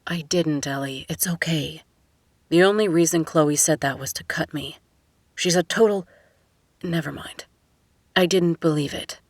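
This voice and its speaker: Woman voicing a hushed, tender young billionaire man. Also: low-pitched, measured pace, long pauses, no room sound.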